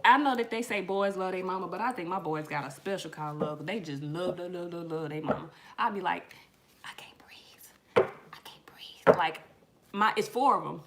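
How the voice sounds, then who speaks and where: A middle-aged woman doing a casual tarot reading, telling lively stories in slang and swearing as she talks to her viewers. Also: fairly low pitch, fairly quick, very noisy. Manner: animated storytelling, slangy, swears, addresses viewers as y'all. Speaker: tarot reader.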